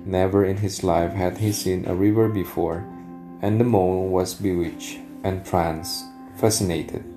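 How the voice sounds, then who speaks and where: A man reading a storybook aloud to his child, unhurried and gentle, pausing now and then to chat. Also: deep voice, fairly even intonation, over music.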